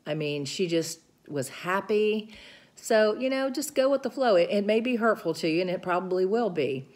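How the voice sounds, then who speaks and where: A woman's voice: medium pitch, expressive, moderate pace, a little mellow. A middle-aged woman casually recounting a caregiving seminar, explaining things earnestly and describing hand gestures as she goes. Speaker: caregiver sharing seminar notes. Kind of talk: informal talk recounting a seminar.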